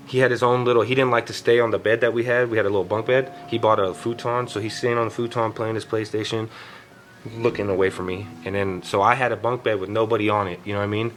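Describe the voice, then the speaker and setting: A man's voice: on the low side, fairly even intonation, quick pace, a bit bright, low-quality recording. A young man telling a story in casual chat, profane and rambling, full of fillers. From Texas. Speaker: guest tattoo artist.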